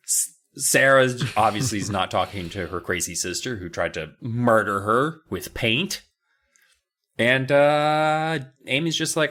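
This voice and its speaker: A man's voice: medium pitch, a little slow, sharp tone. A man co-hosting a podcast who recaps a story in casual chat with wry, profane, jokey asides. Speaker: podcast co-host.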